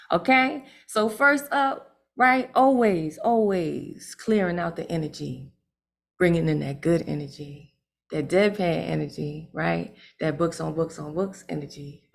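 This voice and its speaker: Gravelly streetwise woman hosting an open mic. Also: deep voice, normal speed, darkish tone. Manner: emphatic, streetwise banter with frequent tag questions. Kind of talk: casual hosting over a video call. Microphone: video call.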